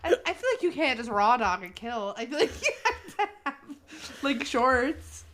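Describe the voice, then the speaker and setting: A young woman co-hosting a podcast, chatting casually, blunt and quick to laugh. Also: sits high, big pitch swings, a bit bright, slight background noise. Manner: blunt, swears, laughs often. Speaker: podcast co-host. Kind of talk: casual chat.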